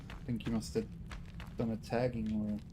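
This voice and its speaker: A man's voice: lowish voice, little pitch movement, a little fast. A man streaming a video game, chatting casually to his viewers with a scratchy throat, rambling and poking fun at himself. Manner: rambling, self-deprecating, talks to himself. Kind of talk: casual gameplay chat to viewers.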